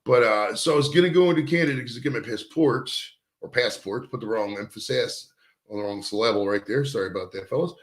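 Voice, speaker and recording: A man talking loose and rambling, full of swearing and calling everyone dude. His voice sits at an ordinary pitch. It rings in an echoey studio room. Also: fast talker. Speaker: host. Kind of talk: casual stoned chat.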